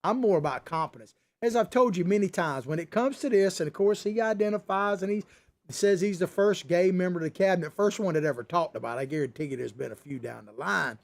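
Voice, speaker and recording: A man's voice: high voice, fast talker, vocal fry. A male host delivering a sarcastic political commentary monologue, ranting and chuckling as he goes. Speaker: talk show host.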